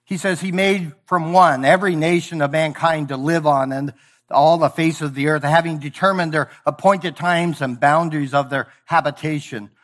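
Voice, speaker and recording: A man preaching a sermon, emphatic and sometimes sarcastic, swinging from booming lines to hushed ones. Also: steady tone, normal speed. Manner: sarcastic mock praise.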